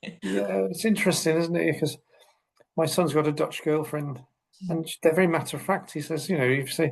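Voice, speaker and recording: A middle-aged British man, a podcast guest, explaining ideas in lively conversation and acting out quoted speech. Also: fairly high pitch, fairly quick, creaky, rough recording. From United Kingdom. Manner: animated storyteller, acts out quoted speech. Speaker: guest, social care researcher.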